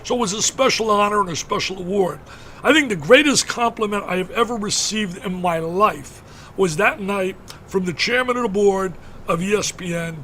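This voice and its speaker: A man's voice: sits high, sharp tone, slight background noise. An older man, a broadcaster being interviewed, telling a story emphatically and fervently, repeating words for force. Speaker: interview guest, basketball broadcaster. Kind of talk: emotional storytelling in a radio interview.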